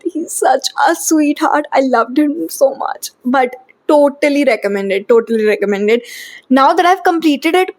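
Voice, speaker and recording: A young woman with an Indian English accent chatting casually in a home vlog about books she has read, rambling and dropping in Hindi words. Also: high-pitched. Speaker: book vlogger. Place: home bedroom.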